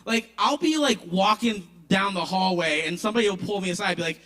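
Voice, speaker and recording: A man from Maryland doing stand-up comedy at an open mic, with an animated, punchy delivery. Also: high-pitched, brisk. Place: kava bar open mic.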